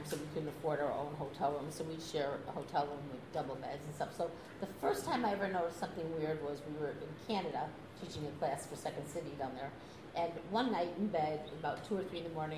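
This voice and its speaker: An older woman tells a story with an animated, chatty delivery, slipping into acted-out quotes and laughing as she goes. Her voice sits a little low. The recording is echoey, with steady noise underneath. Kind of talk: casual anecdote telling.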